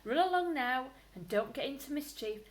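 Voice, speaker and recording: A woman's voice: high-pitched, animated, moderate pace, voice pushed up. A woman voicing a firm mother rabbit. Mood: stern. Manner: firm, warning. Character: strict, caring mother rabbit.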